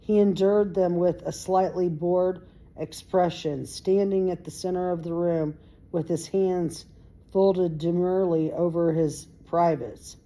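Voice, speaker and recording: Slow, mellow-voiced woman reading a novel aloud. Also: lowish voice, steady tone. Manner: unpolished read-aloud with stumbles and self-corrections. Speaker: reader.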